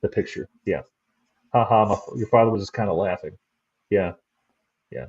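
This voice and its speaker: A man's voice: fairly low pitch, lively intonation, moderate pace, a little mellow, breathy edge, highs cut off. A man who investigates the paranormal, telling rambling stories as an interview guest. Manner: rambling storyteller. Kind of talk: casual interview chat.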